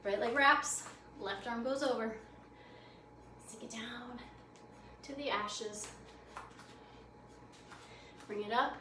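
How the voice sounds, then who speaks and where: A high-pitched yoga instructor runs a class in a library program room, her cues fast, upbeat and encouraging, with slight breathlessness as she moves. She's captured from some distance in an echoey room, a faint hum underneath.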